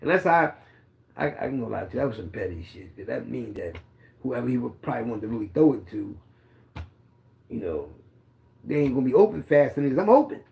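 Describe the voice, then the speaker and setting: A man's voice: medium pitch, big pitch swings, fairly quick, creaky, long pauses, a little mellow. A man, a former running back telling boastful, profane football stories in a rambling casual monologue.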